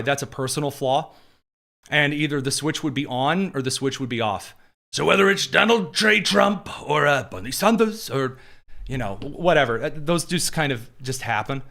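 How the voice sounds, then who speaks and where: A man hosting a podcast, giving quick, sarcastic, rambling political commentary full of fillers. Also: mid-range voice, a bit bright. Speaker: podcast host.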